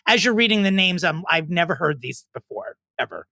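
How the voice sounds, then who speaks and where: A man co-hosting a comedy podcast in casual chat, throwing in quick sarcastic quips. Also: fairly high pitch, expressive, gravelly, pushed and bright, no room sound, clean studio sound. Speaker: podcast co-host.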